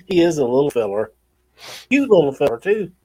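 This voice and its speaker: A man's voice: fairly high pitch, big pitch swings, a little fast, darkish tone, dry recording, low-quality recording. A man co-hosting a live stream giveaway in a casual, folksy way, reading chat comments aloud.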